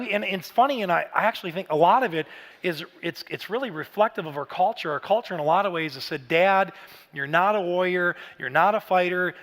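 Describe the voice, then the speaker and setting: A man in his thirties delivers a Father's Day sermon with a high, light voice. He talks casually and animatedly, telling stories and sometimes breaking into shouts. The sound carries a long church-hall reverb. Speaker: pastor. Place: large church auditorium.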